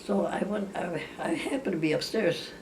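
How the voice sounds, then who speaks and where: A woman's voice: lowish voice, normal speed, a little mellow. An older woman telling family stories in casual talk. She rambles with many restarts and corrections, and she acts out the voices of the people in her stories. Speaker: family storyteller. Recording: distant mic with faint background hiss.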